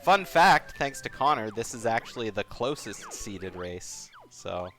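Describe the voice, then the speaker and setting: Laid-back low-voiced male commentator. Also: measured pace, soft background music. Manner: relaxed, chatty, laughs often, many fillers. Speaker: race commentator. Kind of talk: casual commentary.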